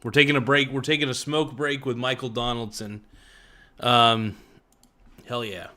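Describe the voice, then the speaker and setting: A relaxed man rambling casually to his livestream viewers, dropping "man" and "dude" as he goes. His voice sits at an ordinary middle pitch and sounds a little sore and worn. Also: moderate pace. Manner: laid-back, chatty, talks to viewers in chat, frequent "man" and "dude". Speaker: livestream host.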